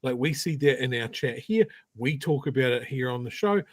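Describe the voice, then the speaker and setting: A man co-hosting a casual political podcast, animated and emphatic, repeating his words for stress. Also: medium pitch, moderate pace, a little hiss or hum. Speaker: podcast co-host.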